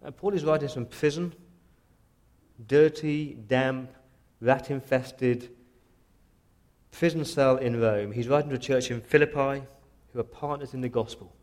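A man's voice: medium pitch, fairly even intonation, a little slow, a little mellow. A man preaching a sermon as pastor, earnest and direct, often voicing the apostle's prayers in the first person.

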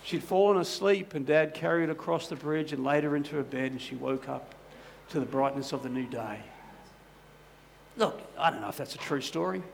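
Gravelly-voiced pastor telling a story. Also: male voice, a little high, fairly quick, a little hiss or hum. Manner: conversational, many "you know" asides. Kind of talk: sermon with storytelling.

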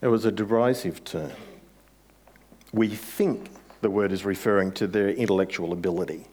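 Male pastor, low-pitched, conversational sermon delivery with building emphasis. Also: fairly even intonation, moderate pace, darkish tone.

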